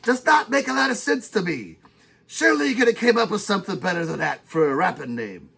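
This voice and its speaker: A man co-hosting a casual podcast, ranting excitably and getting worked up. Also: high-pitched, a little fast, gravelly, breathy edge. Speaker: podcast co-host.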